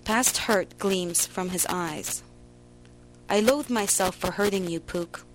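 A woman giving a slow, emotional, theatrical reading of a first-person story. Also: lowish voice, a little hiss or hum, rough recording. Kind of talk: dramatic literary reading.

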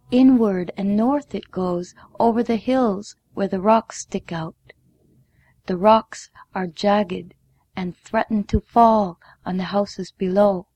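A woman reads a first-person story aloud, slow and measured, sometimes dropping to a hush. Her voice sits in the middle of the range, and the recording is dry and close. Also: medium pitch, dry recording. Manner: measured, deliberate, sometimes hushed. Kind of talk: reading a memoir story aloud.

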